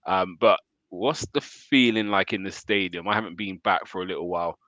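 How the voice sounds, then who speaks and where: A man hosting a casual match chat, relaxed and asking his co-host questions. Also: sits low, moderate pace, no room sound, highs cut off. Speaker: football fan show host.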